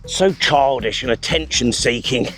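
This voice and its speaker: A man's voice: mid-range voice, unhurried, a bit bright, faint music behind. A man hosting a vlog outdoors in a park, chatty, enthusiastic and self-mocking as he presents to camera. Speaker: vlog host.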